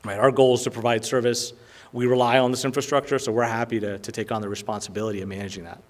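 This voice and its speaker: A man's voice: little pitch movement, quick pace, a little mellow. A man giving a business presentation to a lunch audience, talking in a casual, filler-heavy way and often checking in with "right?". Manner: filler-heavy, conversational pitch with frequent "um" and "right?". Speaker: company presenter.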